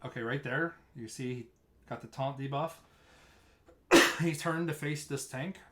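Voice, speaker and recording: A man's voice: mid-range voice, measured pace, bright, forceful tone. Chatty man walking through game footage. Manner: loose and chatty, narrates replay footage with frequent restarts. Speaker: streamer explaining raid tanking. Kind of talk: casual gameplay walkthrough.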